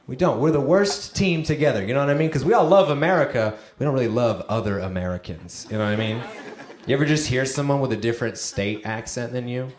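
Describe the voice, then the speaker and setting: A man from Romania performing a stand-up comedy set on a club stage, mostly deadpan with sudden loud high-pitched outbursts. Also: quick pace, slight background noise. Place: comedy club with live audience. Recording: echoey club with audience laughter.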